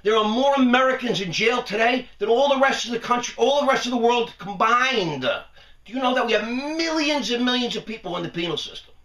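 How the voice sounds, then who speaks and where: A man's voice: very high-pitched, expressive, a little fast, fairly bright tone. A man hosting his own commentary video, ranting sarcastically and animatedly and laughing often. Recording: echoey room, voice a bit far from mic.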